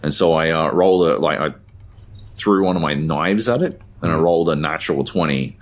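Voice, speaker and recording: A man with an extremely deep, low-pitched voice chats casually on a podcast. He rambles through his stories, piling up fillers and dropping casual swears as he goes. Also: fairly quick. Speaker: podcast co-host. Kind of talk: casual chat.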